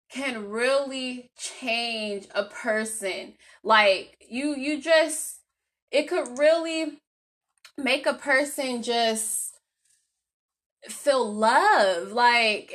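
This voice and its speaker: Chatty high-voiced woman saying y'all. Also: a bit bright. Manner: chatty, laughing, loosely rambling; playful put-on country drawl with y'all. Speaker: podcast host. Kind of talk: casual faith talk to listeners. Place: at her workplace.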